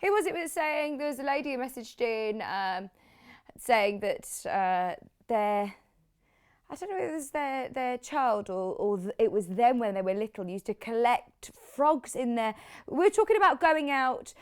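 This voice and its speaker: Woman, British accent, shopping channel host, chatty, rambling, slightly high voice. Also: lively intonation, normal speed, smooth. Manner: chatty and rambling, with many asides. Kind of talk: live TV shopping presentation.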